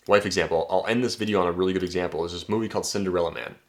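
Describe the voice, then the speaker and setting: Low-voiced man, dating coach, casual profane monologue. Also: fast. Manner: blunt and profane, tags points with "right?".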